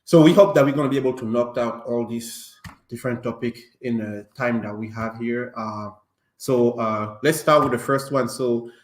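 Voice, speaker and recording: A male podcast host with a non-native English accent, talking loosely and joking between his points. He leans on fillers and restarts, and his voice sits mid-pitch. The call is recorded in a noticeably echoey room. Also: moderate pace. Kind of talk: casual online podcast chat. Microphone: online stream call.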